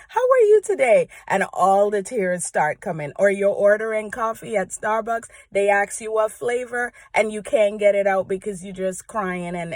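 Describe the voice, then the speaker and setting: Woman, earnest devotional speaker, conversational and heartfelt; average pitch, dry close recording. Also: no echo. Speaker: church praise team member sharing encouragement. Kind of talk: personal devotional talk to camera.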